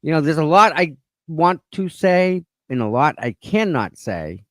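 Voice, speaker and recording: A man's voice: a little high, big pitch swings, unhurried, fairly bright tone, dry recording, studio quality. A man co-hosting a livestream with a Boston accent, laid-back and teasing in casual chat. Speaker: co-host.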